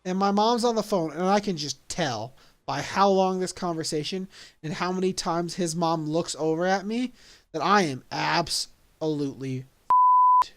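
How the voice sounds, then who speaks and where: A young man telling a story casually, animated and laughing along at his own story. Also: sits high, unhurried. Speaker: vlogger.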